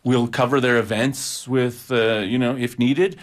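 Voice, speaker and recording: A man on a campus radio show as a guest from the student TV station, animated and explaining at length. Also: mid-range voice, a little slow. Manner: animated, explains at length, says "you know what I'm saying". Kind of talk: casual radio interview.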